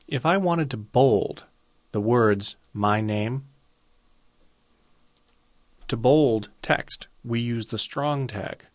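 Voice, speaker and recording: A man teaching a web design lesson in a calm, methodical way, walking through each step of a screen-recorded coding tutorial. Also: mid-range voice, dry recording.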